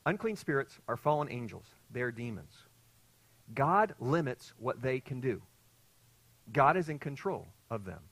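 A male pastor works through a passage for his congregation in a mid-range voice. He teaches earnestly, pauses to quiz his listeners, and swells in volume on the points he wants to stick. The recording is close and dry. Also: mid-range voice, sing-song, no echo, low-quality recording. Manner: earnest teaching, quizzing listeners, surging louder on key points. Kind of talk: expository sermon to a congregation.

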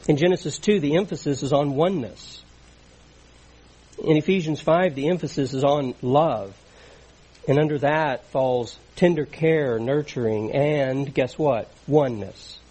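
A man's voice: fairly high pitch, dark tone, husky, low-quality recording. A middle-aged man preaching a sermon in an earnest, conversational teaching manner.

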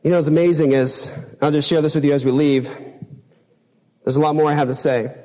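A male pastor delivering an impassioned sermon, his voice pitched a bit high for a man. He leaps up when he replays his old outbursts. The church sanctuary carries a long, trailing reverb. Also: steady tone, a little fast, a little mellow. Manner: impassioned preaching, acts out his own past outbursts in a raised voice.

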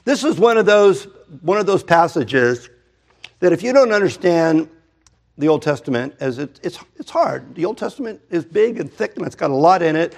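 Animated man preaching a sermon. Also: fairly high pitch, moderate pace, creaky. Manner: animated, talks through restarts and asides. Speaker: pastor. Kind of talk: conversational sermon.

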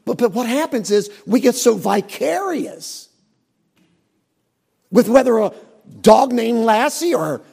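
A middle-aged man, a pastor, preaching in a folksy, animated storytelling way with asides. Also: very high voice, unhurried, vocal fry, long pauses, husky. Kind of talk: sermon.

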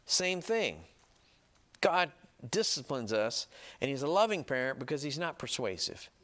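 A man preaching a sermon, emphatic and often checking in with "right?" and "okay?", reading scripture slowly and loudly. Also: fairly high pitch, sing-song. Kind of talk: sermon teaching.

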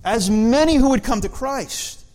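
A man's voice: extremely high pitch, expressive, unhurried, darkish tone, in a large hall. A man preaching a sermon, putting rhetorical questions to the congregation.

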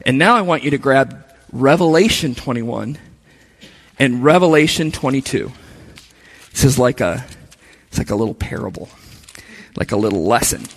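A man's voice: mid-range voice, lively intonation, normal speed, pauses often, long reverb tail. A man preaching a sermon, speaking conversationally and making asides to the congregation. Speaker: pastor.

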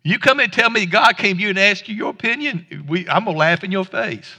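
A male pastor delivers a casual, down-home sermon, tripping over and restarting his words as he goes. His voice sits high and sounds bright and forceful. It rings out with the long reverb of a church hall. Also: lively intonation, brisk. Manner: conversational, folksy preaching with stammered restarts. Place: church sanctuary.

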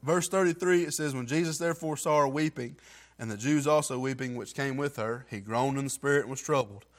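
A man's voice: mid-range voice, fairly quick. A man reading scripture aloud and giving an earnest, heartfelt testimony in plain everyday grammar. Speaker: church member giving testimony.

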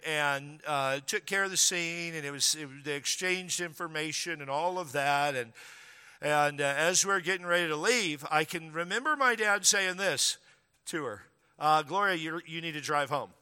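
Male pastor, storytelling sermon, bright and fairly high voice, long hall reverb. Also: measured pace, smooth. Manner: conversational, humorous, building to emphatic preaching. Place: church sanctuary.

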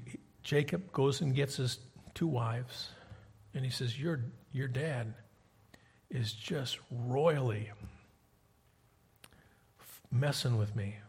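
A man's voice: medium pitch, creaky, breathy edge, big-room sound. A man preaching a sermon, retelling scripture in a conversational storytelling way and putting questions to the congregation.

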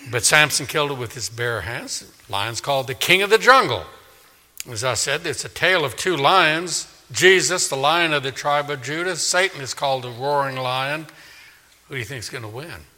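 A male pastor from New Orleans preaches in a big hall with a long echo. His fairly high voice is very bright and cutting. He punches key words loudly, then drops into quiet asides. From New Orleans, Louisiana. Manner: emphatic, swings between loud stresses and quiet asides. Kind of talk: sermon.

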